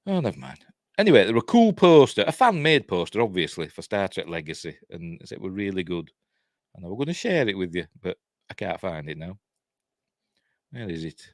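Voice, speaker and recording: A man from Yorkshire with a broad local accent and a lowish voice that swings up and down a lot as he talks. He reads news items aloud on a live stream, then drifts into rambling, joking asides. The sound is close and dry. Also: sing-song, a little fast, no room sound. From Yorkshire, England. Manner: self-deprecating, swears mildly, laughs at his own jokes.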